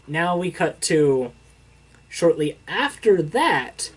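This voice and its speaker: Young man, slightly high voice, casual comic recap, rambling, lots of fillers. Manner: rambling retelling with filler words and quoted dialogue. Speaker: comic book reviewer.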